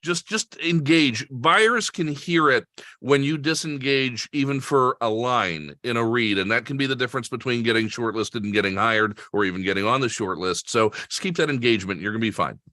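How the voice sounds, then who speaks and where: A man judge coaches a contestant with direct, frank notes. His voice is bright and forceful, mid-pitched, and the mic is dry and close. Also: normal speed, dry recording. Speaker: judge on a voice-over competition. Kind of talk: live feedback to a contestant.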